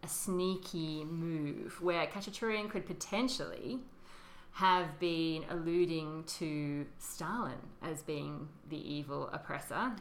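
A podcast co-host with a low voice speaks slowly and in a steady tone during a casual history chat. She relies on fillers and laughs often, and there's a roomy echo on the recording.

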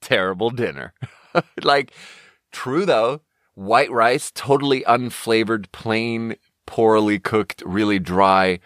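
A man in his thirties talking in a loose, swearing, meandering way, often breaking off and restarting. His voice sits low. The sound is dry and close to the mic. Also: takes it slowly, fairly bright tone, no echo. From Sweden. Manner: rambling, profane, self-correcting. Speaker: podcast host. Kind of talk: casual monologue.

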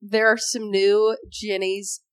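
A woman's voice: medium pitch, level tone, takes it slowly, smooth. Bubbly young woman. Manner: bubbly, laughs easily, gushing. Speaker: guest. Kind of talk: casual chat.

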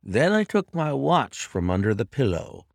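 A man reading a classic story aloud in the first person, with expressive, dramatic narration. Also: mid-range voice, moderate pace, creaky, no echo, clean studio sound.

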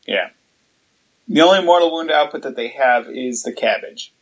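A man's voice: medium pitch, expressive, moderate pace. A man in casual hobby chat, explaining steadily and listing items with some fillers. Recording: dull lo-fi audio.

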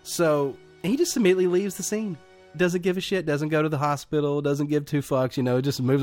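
A man co-hosting a casual movie podcast, retelling scenes with lots of swearing and loud acted-out quotes. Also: brisk, soft background music. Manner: animated, acts out movie lines with loud high quotes, swears a lot. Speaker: podcast co-host. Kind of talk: casual movie-review chat.

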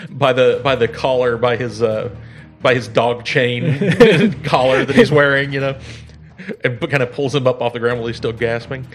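A middle-aged man playing a tabletop game, describing his moves haltingly with fillers and chuckles. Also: medium pitch. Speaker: player.

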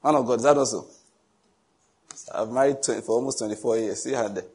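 A man's voice: mid-range voice, fairly quick, husky. A middle-aged male pastor preaching a sermon, telling stories with a jovial, teasing manner and frequent chuckles. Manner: teasing, animated asides.

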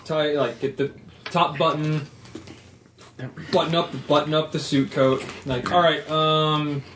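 A man's voice: a little high, flat delivery, takes it slowly, a bit bright, a little hiss or hum. A man chatting casually as a player in a tabletop game, rambling and joking with lots of fillers. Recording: roomy echo.

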